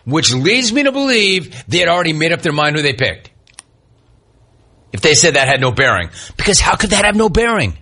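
Male sports talk host, heated mocking monologue, lively bright delivery. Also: on the high side, normal speed. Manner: ranting, sarcastic, mocking.

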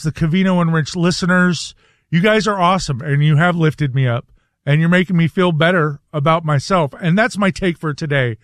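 A man on a radio talk show shares a reflective, earnest take in a measured voice. His voice sits a bit high, and the studio sound is dry and close. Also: dry recording.

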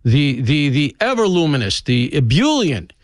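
A male talk radio host with a somewhat high voice, recorded dry and close in a studio. He rambles bluntly through an opinionated monologue, jumping up in pitch to hammer his points. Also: very animated, moderate pace, no room sound. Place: broadcast studio.

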